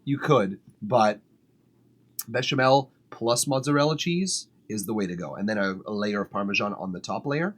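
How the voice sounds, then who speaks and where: A man's voice: lowish voice, moderate pace. A man hosting a music feedback livestream, chatting casually and swearing freely while he eats. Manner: relaxed, chatty, swears casually, laughs often. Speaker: music feedback stream host. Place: home studio.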